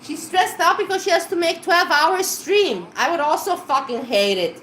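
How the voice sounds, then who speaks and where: A woman's voice: very high-pitched, expressive, moderate pace, a bit bright, a little hiss or hum. A young adult woman live streamer chatting casually, who swears often and gets worked up and emotional. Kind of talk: casual reaction chat.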